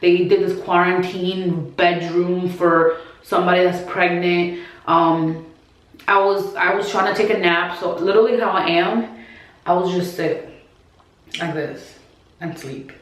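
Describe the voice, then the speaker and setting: A woman's voice: lowish voice, fairly even intonation, measured pace. A woman vlogger telling a personal story to her followers in a casual, chatty way, full of "like" and quoted asides. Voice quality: chatty, filler-heavy, many restarts and acted quotes. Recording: very echoey room.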